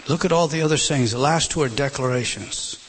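Preacher man dropping to hushed whispers. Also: medium pitch, a little fast, a little hiss or hum, rough recording. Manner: dramatic drops to a hushed whisper. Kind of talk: sermon.

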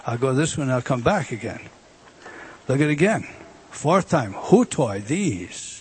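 A man's voice: mid-range voice, sing-song, moderate pace, a little hiss or hum. A man preaching an expository sermon to a congregation. He is emphatic, repeats key words and asks the room questions.

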